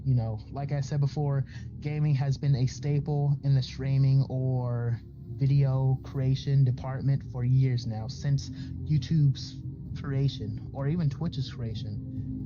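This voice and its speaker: A man talks casually to his audience about streaming growth, looping back with fillers and restarting his sentences. His voice sits at an ordinary pitch. The audio is a bit dull and lo-fi, with clear music running underneath. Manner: rambling, conversational, many fillers and restarts. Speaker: VTuber content creator. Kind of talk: casual educational talk.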